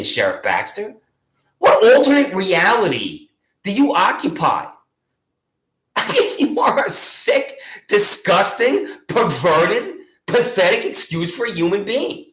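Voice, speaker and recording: Combative male ranter, high-pitched and bright, sarcastic accusatory tone, roomy echo. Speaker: video channel host. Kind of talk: angry monologue to camera.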